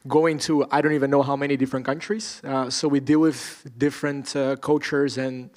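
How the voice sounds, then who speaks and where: A man from Brazil speaking as a panelist in a relaxed conference discussion, friendly with filler ums. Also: medium pitch, normal speed.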